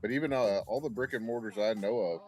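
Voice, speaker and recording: A man in a casual live chat, talking in a low-key informative way. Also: fast, soft background music.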